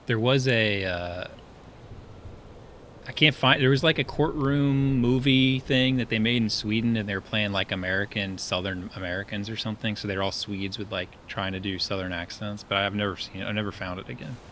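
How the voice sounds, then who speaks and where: A man's voice: lowish voice, steady tone, normal speed, a bit bright, a little hiss or hum. A man streaming a game and chatting casually, rambling with lots of fillers and frequent laughs.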